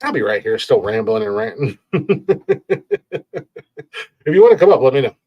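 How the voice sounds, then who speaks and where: A man's voice: a little high, sing-song, a little slow, gravelly, slightly rough, muffled recording. Rambling, profane man ranting. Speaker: podcast host. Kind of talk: rambling podcast rant.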